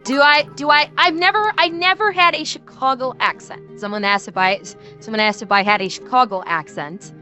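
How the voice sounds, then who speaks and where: Midwestern woman streaming, rambly, lots of restarts, bright edgy voice, little music underneath. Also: high voice, brisk, hardly any pauses. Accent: Midwestern American. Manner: rambling with many restarts, laughs often. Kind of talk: casual stream chat.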